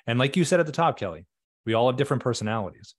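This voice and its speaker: Man, mid pitch, dry close sound, measured explanations, webinar co-host. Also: big pitch swings, dry recording. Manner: measured, explanatory, filler-laced.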